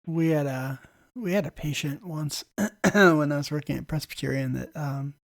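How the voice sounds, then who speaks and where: A man hosts a casual conversation and tells relaxed stories, often clearing his throat. His voice is gravelly and a bit high for a man. He is recorded close and dry, with no echo. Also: moderate pace. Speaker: podcast host, ER nurse.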